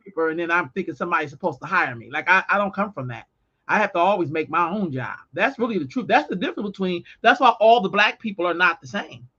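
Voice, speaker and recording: A woman's voice: on the low side, expressive, quick pace, bright, forceful tone, breathy edge, highs cut off. A woman co-hosting a podcast in casual chat, talking bluntly and emphatically with plenty of profanity. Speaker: podcast co-host.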